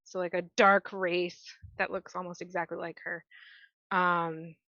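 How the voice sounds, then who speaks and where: A woman's voice: fairly low pitch, level tone, unhurried, sharp tone, no room sound, lo-fi sound. A woman running a tabletop game as game master, narrating in a loose, conversational way.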